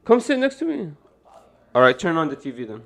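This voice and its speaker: A man streaming a casual video reaction, excitable and profane, talking to his chat. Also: a little high, brisk, creaky. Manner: excitable, profane, laughs hard.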